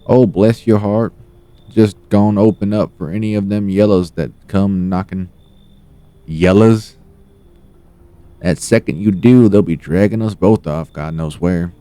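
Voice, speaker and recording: A man's voice: on the low side, a little slow, dark tone, smooth, dry recording, voice pushed up, close to an everyday voice. A man putting on a drawling Southern mama. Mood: wary. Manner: folksy drawl, calls people darling. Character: evicted middle-aged Southern woman, wary and on the run.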